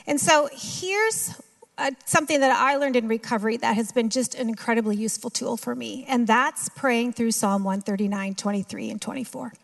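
A woman's voice: on the high side, moderate pace, creaky. Minnesotan woman sharing her testimony. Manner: conversational, self-deprecating, lots of fillers. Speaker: recovery group speaker. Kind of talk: personal testimony to a group.

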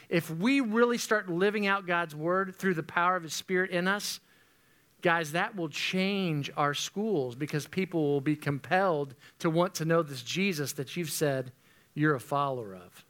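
A man in his forties preaching earnestly and conversationally to junior high students as their youth pastor. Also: normal speed, fairly bright tone. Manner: earnest, conversational, addresses the group as guys.

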